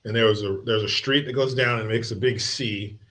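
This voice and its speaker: A man's voice: fairly low pitch, fairly even intonation, brisk, a bit bright. A man hosting his own livestream in casual chat, telling family stories with lots of swearing and frequent laughter. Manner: profane, joking storyteller. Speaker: streamer and show host.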